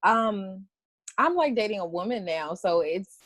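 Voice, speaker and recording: A woman's voice: mid-range voice, expressive, a little slow, fairly bright tone, dry recording. Woman poet chatting real open, lots of restarts, kinda teary, dry close sound. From Washington, D.C. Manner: candid, rambling, with frequent laughs and restarts. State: tearful at times. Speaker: poet and guest. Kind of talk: emotional interview conversation.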